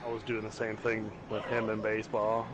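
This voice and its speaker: A man's voice: on the low side, monotone, fairly quick, dull audio, noisy background. Laid-back man who laughs easily. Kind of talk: casual chat while gaming.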